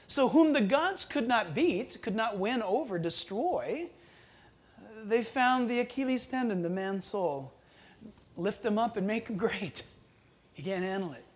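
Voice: medium pitch, lively intonation, measured pace. A preacher giving a conversational sermon, asking the congregation rhetorical questions and acting out little scenes. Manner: acts out scenes with quoted voices.

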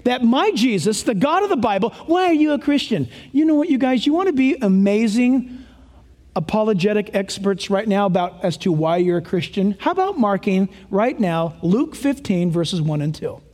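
A man's voice: sits high, expressive, normal speed, a little mellow, big-room sound. A male pastor preaching a sermon, emphatic and conversational, full of rhetorical questions.

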